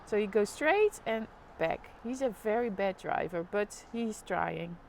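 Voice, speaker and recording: A woman vlogging live with a Dutch accent gives a relaxed running commentary on the street below her window. Her voice is medium-pitched, creaky, and animated but a little slow, and there's slight background noise.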